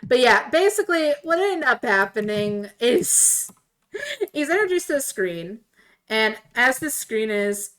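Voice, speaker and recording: A woman streamer casually retelling a tabletop game story while playing, animated and laughing often. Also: on the high side, a little slow. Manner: animated, laughing, voices quoted characters.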